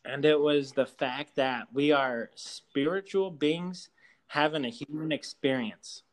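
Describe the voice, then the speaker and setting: A man's voice: fairly high pitch, slow, rough recording. A man telling a long story in casual chat, rambling, with heavy swearing and many "like" fillers.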